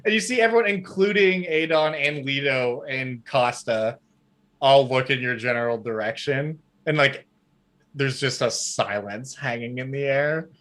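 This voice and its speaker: Male game master, casual rambling narration, bright tone. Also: mid-range voice, measured pace. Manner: casual, filler-heavy narration.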